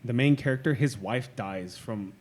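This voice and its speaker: A man's voice: mid-range voice, normal speed, darkish tone. A man co-hosting a podcast in casual chat, blunt and heavy on swearing. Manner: blunt and profane. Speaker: podcast co-host.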